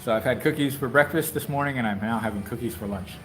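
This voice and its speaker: A man chats playfully on a live stream from a bike shop, breaking into laughter between remarks. His pitch sits in an ordinary middle range, with music playing behind him. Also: fast, rough recording. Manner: chatty and playful, laughs often. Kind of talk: casual live-stream chat.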